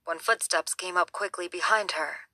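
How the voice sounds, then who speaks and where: Female audiobook narrator, steady and measured, bright lower voice. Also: no echo. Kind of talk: scripted narration.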